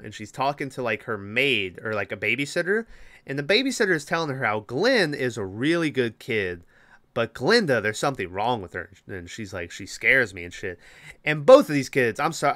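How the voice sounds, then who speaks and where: Male podcast host, smooth clear voice, dry close sound, rambling profane recap. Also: mid-range voice, no echo. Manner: animated, swears freely, rambling with fillers. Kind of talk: casual movie recap.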